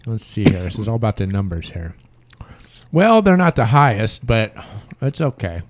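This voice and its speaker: A man's voice: lowish voice, very animated, normal speed, no room sound. A man co-hosting a casual talk show as the sidekick, chatting and eating into the microphone. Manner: chatty, eats while talking into the mic. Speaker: sidekick co-host. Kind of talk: casual chat.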